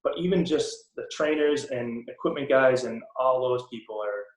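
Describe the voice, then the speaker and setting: A young man with a Boston accent, a guest in a casual interview, relaxed and rambling with many ums and restarts. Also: mid-range voice, normal speed. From Boston area. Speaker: podcast guest, pro hockey player. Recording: roomy echo.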